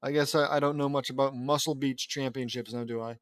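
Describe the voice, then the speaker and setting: A man's voice: mid-range voice, steady tone, fairly quick, hardly any pauses, dry recording. Dry, sarcastic young man reading aloud. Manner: sarcastic, exasperated asides. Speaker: fanfiction reader and commentator. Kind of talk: mocking read-aloud commentary.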